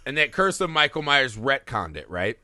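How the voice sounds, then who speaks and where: A man hosting a casual film podcast, talking in an animated, profane way and acting out movie scenes. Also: mid-range voice, moderate pace, no room sound. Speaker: podcast host.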